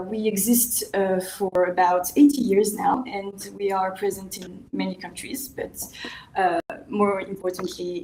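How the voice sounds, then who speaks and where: A woman's voice: medium pitch, a little mellow, echoey room, poor audio. A woman with a French accent, a development agency project manager, giving a formal speech with many hesitant fillers. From France. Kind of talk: formal speech at a public event.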